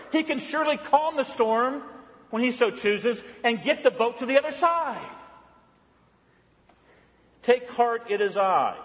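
A man preaching a sermon, emphatic at times, then dropping to quiet, low tones for weight. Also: big-room sound. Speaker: pastor.

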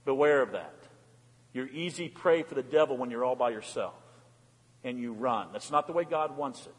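A male pastor preaching an animated sermon, swinging between hushed asides and loud exclamations. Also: mid-range voice, moderate pace, slightly rough. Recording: long hall reverb.

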